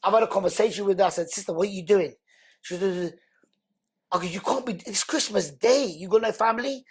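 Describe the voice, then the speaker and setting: Husky man telling his story. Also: high-pitched, a little fast. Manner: animated, acts out quoted dialogue. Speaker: podcast guest. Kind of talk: conversational storytelling.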